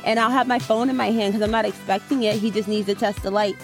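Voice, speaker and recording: A woman's voice: medium pitch, fairly even intonation, fast talker, faint music behind. A young woman from Atlanta, talking casually as an interview guest in a chatty, upbeat way, with lots of "like.". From Atlanta, USA.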